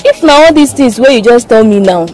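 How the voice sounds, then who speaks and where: A woman's voice: a little high, lively intonation, fairly quick, darkish tone, soft background music, lightly acted. An actress playing an earnest young woman who urges her friend to marry, in a Nigerian accent. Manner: earnest, persuasive.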